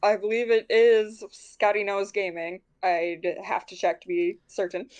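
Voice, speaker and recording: A woman speaks casually about her gaming stream. She sounds a little tired and pauses often with fillers. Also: medium pitch, fairly even intonation, a little mellow. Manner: tired, hesitant with many ums. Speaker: streamer guest.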